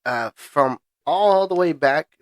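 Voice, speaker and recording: A man's voice: fairly high pitch, slow pace, no echo. Joking young man on a podcast. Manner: joking, laughs often. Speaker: podcast co-host. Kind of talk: casual chat.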